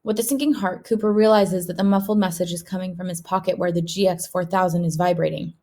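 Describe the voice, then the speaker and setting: A woman teacher reads a children's novel aloud, steady and clear. Her narration is paced for young listeners following along. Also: on the low side, quick pace. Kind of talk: read-aloud storybook narration.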